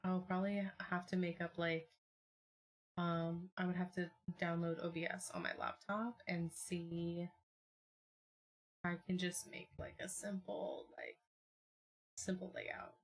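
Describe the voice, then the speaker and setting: Young woman streamer, slightly low voice, rambling casual chat full of fillers, excitable bursts, home desk mic. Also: measured pace, long pauses.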